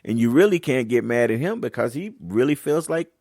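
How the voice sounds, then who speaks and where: A man hosting a casual podcast monologue as a youth basketball coach, talking candidly and telling stories, getting animated when riled up. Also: mid-range voice, brisk, no room sound, studio quality. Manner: slips into casual Southern-leaning American speech (y'all, ain't).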